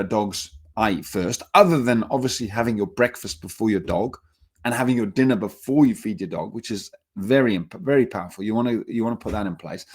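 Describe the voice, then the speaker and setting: Emphatic man teaching dog training. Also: on the low side. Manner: lively, emphatic, acts out scenes. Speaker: dog trainer giving a seminar. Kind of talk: seminar talk.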